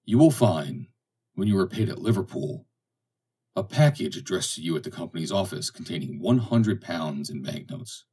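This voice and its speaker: A man reading the lines of a stern, calculating ship captain in a measured, commanding way, as audiobook dialogue. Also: sits low, expressive, mellow, husky, far from the mic.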